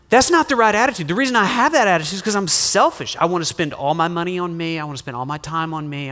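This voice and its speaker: A middle-aged male pastor delivers a sermon with a bright, forceful, somewhat high voice. He is lively and joking, dropping from loud emphasis to quiet asides. His words ring out with a long reverb in a large church hall.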